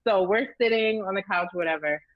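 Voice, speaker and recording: A young woman telling a candid, profane story in a casual chat, lively and blunt. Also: mid-range voice, fairly quick, dull audio. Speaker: storyteller guest.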